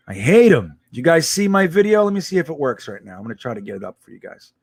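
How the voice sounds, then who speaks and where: A man's voice: on the high side, big pitch swings, quick pace, creaky, few pauses, slightly rough, no echo. A man hosting a casual live stream, reading viewer comments aloud with a blunt, profane, reactive manner.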